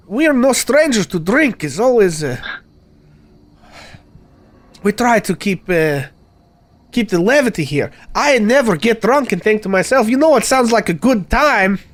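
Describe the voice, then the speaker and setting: Man performing a blunt, suspicious village father with broken speech, raised pitch. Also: expressive, takes it slowly, pauses often. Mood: incredulous. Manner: blunt, incredulous, drops small words.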